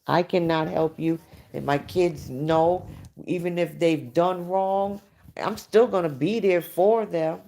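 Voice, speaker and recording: Her pitch sits fairly low, her pace is slow, and her dark-toned voice carries vocal fry. This middle-aged woman runs a late-night livestream, talking with viewers in a blunt, chatty way, responding to their comments and often dropping "you know."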